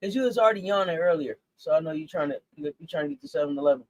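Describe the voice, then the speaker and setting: A co-host in a casual live sports chat, animated and teasing, reading chat comments aloud. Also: medium pitch, racing, dry recording, poor audio.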